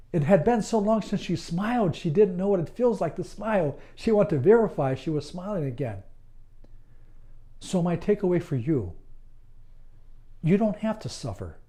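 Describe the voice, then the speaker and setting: A man speaking as a certified hypnotist in a slow, earnest promotional monologue, calm and deliberate with long soothing pauses. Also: sits high.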